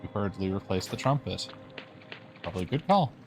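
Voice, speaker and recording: A man's voice: lowish voice, lively intonation, brisk, over music. A man from Canada reading game text aloud on a livestream, dry and wry, with casual swearing. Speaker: streamer.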